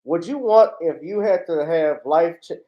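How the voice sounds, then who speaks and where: A man with a fairly high voice hosting a livestream. He talks bluntly and indignantly, swearing freely as he comments. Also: measured pace, highs cut off. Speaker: livestream host. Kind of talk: heated commentary.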